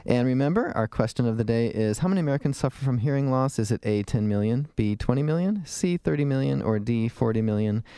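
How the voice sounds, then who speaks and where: A man's voice: medium pitch, expressive, quick pace, few pauses, warm tone, smooth, no room sound. A man hosting a radio talk show as a dentist, chatting in a rambling way with fillers and restarts from a studio.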